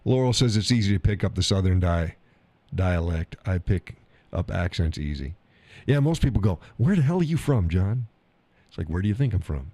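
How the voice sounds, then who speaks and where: A man's voice: low voice, animated, fairly quick, mellow, no echo. A middle-aged man with an Oklahoma accent, hosting a live stream and chatting casually about the chat messages, teasing and laughing often.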